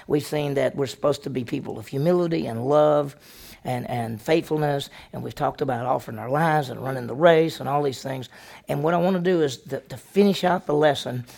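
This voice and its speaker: A man's voice: medium pitch, vocal fry, darkish tone. A male senior pastor teaching a conversational church lesson, telling folksy stories and asking the congregation questions he then answers himself. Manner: folksy, tells personal stories.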